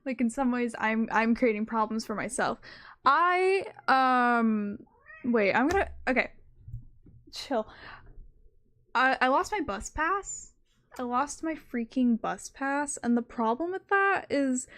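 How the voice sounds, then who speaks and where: Rambling young woman streamer, slightly high. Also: fairly bright tone. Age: young adult. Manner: rambling, self-interrupting, full of "like". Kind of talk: casual stream chat. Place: her own room at home.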